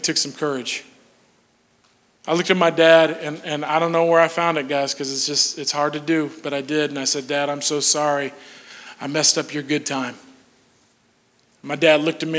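A man in his forties telling a personal story to an audience, animated and jokey, with sudden drops to a hush. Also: a little high. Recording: long hall reverb.

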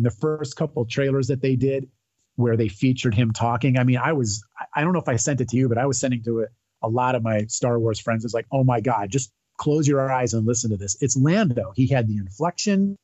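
A man's voice: mid-range voice, darkish tone, dry recording. Man, podcast guest, rambling fan talk, lo-fi dry recording. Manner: rambling, enthusiastic, many fillers and restarts. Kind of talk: casual chat.

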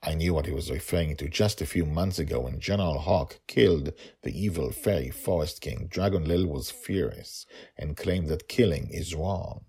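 A man's voice: very deep voice, normal speed, few pauses, warm tone, husky. A man narrating a story and reflecting on it in an emotional, thoughtful way.

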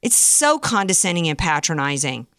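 A woman hosting a talk radio show, giving opinionated commentary in a sarcastic, animated way into a studio microphone. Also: lowish voice, moderate pace, dry recording.

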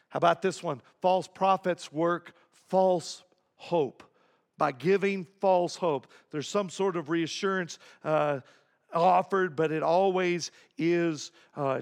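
A male pastor preaching a sermon, emphatic, repeating key phrases and swinging between low asides and raised points. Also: unhurried.

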